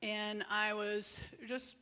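A woman's voice: mid-range voice, flat delivery, drawn-out words, sharp tone, clear, resonant tone. A woman speaking to a group of women about grace, telling a personal story in an earnest, conversational and emotional way. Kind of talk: personal testimony talk.

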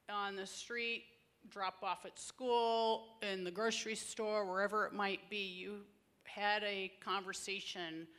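A woman's voice: mid-range voice, bright, forceful tone. A woman speaking to a group of women about grace, telling a personal story in an earnest, conversational and emotional way. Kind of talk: personal testimony talk.

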